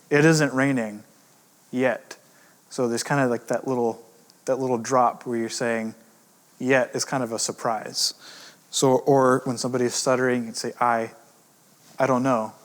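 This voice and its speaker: A male editor teaches a grammar course in a recorded lesson, sounding relaxed and conversational at a middle pitch. He uses casual fillers and slows down to emphasize example words.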